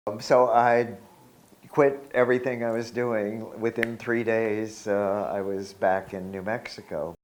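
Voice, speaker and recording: A man in his sixties telling a personal spiritual story in an unhurried, reflective way, with soft laughs. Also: lowish voice, steady tone, slight background noise.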